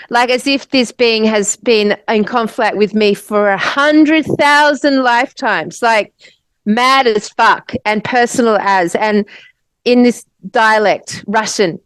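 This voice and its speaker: Animated Australian woman, quick and vivid storyteller. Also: on the high side, clear, resonant tone, dry recording, poor audio. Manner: breathless, vivid storytelling with swearing. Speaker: podcast co-host telling her story. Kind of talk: casual podcast chat.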